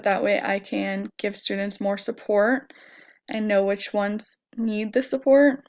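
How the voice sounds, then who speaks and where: Slow, hesitant young woman explaining a lesson. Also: medium pitch. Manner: hesitant, many ums. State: crackly voice. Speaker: student teacher presenting a lesson plan.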